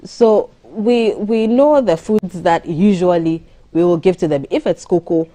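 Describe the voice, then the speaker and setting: A woman, a doctor giving measured advice on a morning TV show. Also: on the low side, mellow. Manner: explanatory, measured, advisory. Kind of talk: studio interview on a morning TV show.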